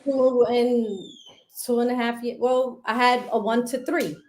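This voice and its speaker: Young woman guest, slightly high voice, animated storyteller, roomy echo. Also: a little slow, a little hiss or hum. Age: young adult. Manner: animated, retelling prison routines. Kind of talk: casual interview talk.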